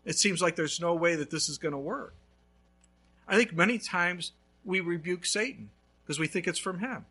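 A male pastor preaching a sermon, telling a story with lively swings between loud and hushed. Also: sits high, normal speed, husky.

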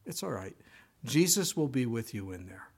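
A man voicing a patient mother gently coaxing her son in a sermon story. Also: medium pitch, sing-song, moderate pace, breathy edge, voice pushed down.

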